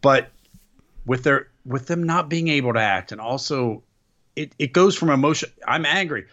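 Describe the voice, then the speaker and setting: A man's voice: medium pitch, moderate pace, a bit bright, highs cut off. A man co-hosting a wrestling podcast, chiming in with dry, laid-back remarks. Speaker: podcast co-host. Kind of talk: casual wrestling podcast chat.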